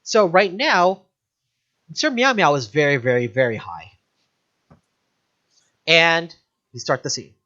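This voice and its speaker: A woman game master narrating a tabletop session, easygoing and amused by the scene. Her lowish voice rises and falls a lot and moves slowly. The sound is a little dull and lo-fi. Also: big pitch swings, a bit bright. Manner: easygoing, laughs at the material, asks players questions.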